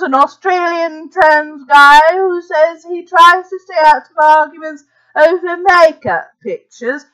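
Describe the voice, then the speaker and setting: Bright-voiced woman reading aloud slowly. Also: high voice, rough recording. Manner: reads aloud with asides and frequent laughter. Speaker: podcast host reading an article aloud. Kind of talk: live-stream reading and chat.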